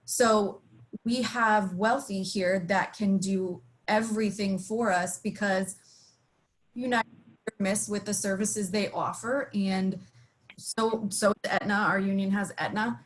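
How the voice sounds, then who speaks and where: A woman's voice: mid-range voice, steady tone, slow, poor audio. Woman on a webinar panel, mid voice, chatty and upbeat, some ums. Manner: enthusiastic, plain-spoken, with fillers. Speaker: employer panelist. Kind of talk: webinar discussion.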